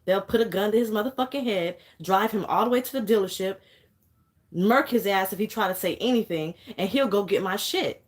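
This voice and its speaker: A woman's voice: mid-range voice, a little fast. A young woman venting on camera in an angry, profane vlog rant, fighting back tears. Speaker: vlogger.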